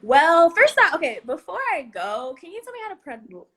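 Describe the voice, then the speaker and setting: A woman hosting a live stream chat, playful and quick to laugh. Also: extremely high pitch, sing-song, pushed and bright, a little hiss or hum. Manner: laughs often, playful and chatty. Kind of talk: casual chat.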